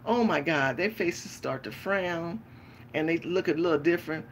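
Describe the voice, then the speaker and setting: A woman's voice: lowish voice, expressive, moderate pace, slight background noise. A tired woman hosting a late-night livestream rant, talking bluntly with lots of profanity. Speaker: livestream host and pastor.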